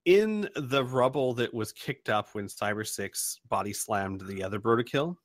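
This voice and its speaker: A man running a tabletop game as game master, describing scenes deliberately and pausing to think. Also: medium pitch, expressive, no room sound, clean studio sound.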